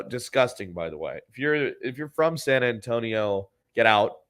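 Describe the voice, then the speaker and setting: A man's voice: mid-range voice, expressive, moderate pace, few pauses, a bit bright, clear, resonant tone. A man hosting a podcast, telling a story in a casual, sardonic and profane way. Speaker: podcast host.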